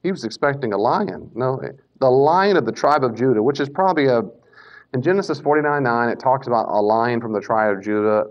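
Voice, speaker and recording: A man teaching a Bible class in a casual lecture style, animated and self-correcting, now and then acting out the speakers he quotes. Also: mid-range voice, fairly quick. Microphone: Bluetooth mic that cuts out. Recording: dull lo-fi lecture recording.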